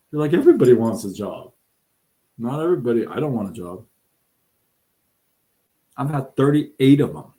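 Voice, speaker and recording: A middle-aged man with a mellow, mid-range voice hosts a live show about side income. He gives viewers blunt, emphatic motivational advice and acts out what people say. Now and then he stammers over a word.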